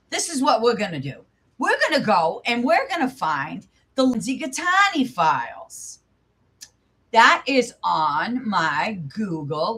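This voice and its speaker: A woman's voice: mid-range voice, big pitch swings, a little slow, a bit bright, husky. A young woman hosting her channel, casually commenting live in an angry, profane, rambling way. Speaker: channel host.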